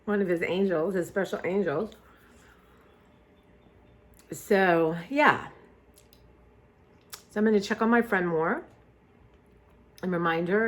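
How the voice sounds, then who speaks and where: A woman's voice: on the low side, unhurried, long pauses. Rambling woman vlogger. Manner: rambling, trails off and restarts often. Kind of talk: casual chat.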